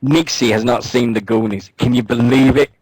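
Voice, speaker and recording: A man's voice: medium pitch, steady tone, normal speed, darkish tone, breathy edge, no room sound, low-quality recording. A man co-hosting a wrestling radio show, bantering casually, joking and swearing as he rambles through stories.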